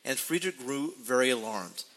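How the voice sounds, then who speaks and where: A man's voice: medium pitch, expressive, normal speed, a bit bright, low-quality recording. A man co-hosting a casual podcast, narrating history playfully and posing rhetorical questions. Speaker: podcast co-host. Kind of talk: casual storytelling podcast chat.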